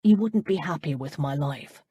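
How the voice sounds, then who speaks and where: A woman voicing a kind, modest young country parson who speaks with gentle restraint. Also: low voice, lively intonation, normal speed, husky, no echo, clean studio sound. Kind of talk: audiobook character voice.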